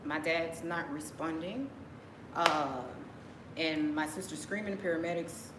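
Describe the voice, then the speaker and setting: Woman vlogger, low-pitched voice, rambling casual storyteller who repeats herself, noisy background. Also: normal speed. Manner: rambling, repeats phrases, emotional retelling. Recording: echoey room with background noise.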